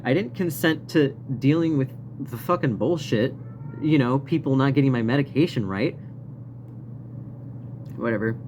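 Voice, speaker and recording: A vlogger tells a story as a casual, rambling rant, swearing often and laughing now and then. The voice is medium-pitched with a darkish tone, over slight background noise.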